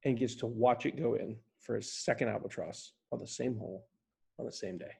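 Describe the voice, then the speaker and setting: Podcast guest: man, gravelly husky voice, rambling storyteller, casual chat. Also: mid-range voice, brisk, mellow.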